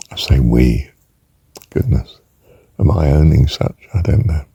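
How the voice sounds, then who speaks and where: A man's voice: a bass voice, animated, slow pace, gravelly, warm tone, husky, no room sound. An older man giving an informal spelling lesson, rambling and musing aloud, drawing out words as he says them and adding chuckling asides. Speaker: teacher.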